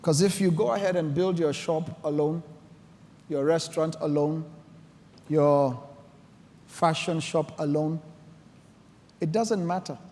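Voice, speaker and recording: A man with a fairly high voice gives a conference talk, telling stories with earnest feeling. His words ring out through a large hall with a long reverb trailing behind them. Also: steady tone, measured pace, long pauses, mellow. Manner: earnest, storytelling, emotional emphasis. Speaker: conference speaker.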